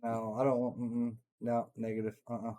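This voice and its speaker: A man playing a tabletop game, chatting casually in a relaxed, joking way. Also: mid-range voice, moderate pace, a little hiss or hum. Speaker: player.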